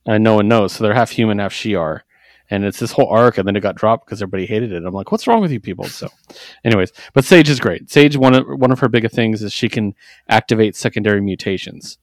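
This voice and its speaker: A man co-hosting a casual podcast, recapping comics in an animated way, jumping into quick character voices and laughing often. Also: on the low side, no room sound. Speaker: podcast co-host. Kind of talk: casual comic book chat.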